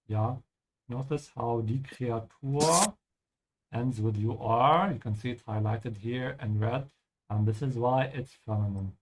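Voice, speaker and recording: Male language teacher, patient, explanatory, frequent check-ins, mid-pitched voice. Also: a little slow, a little hiss or hum. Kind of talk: explaining vocabulary over gameplay.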